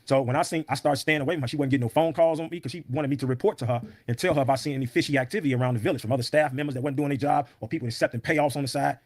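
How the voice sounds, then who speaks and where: A man's voice: mid-range voice, very fast, few pauses, darkish tone, dry recording. A man in an interview, telling a story in a blunt, emphatic, often profane way. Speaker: podcast guest.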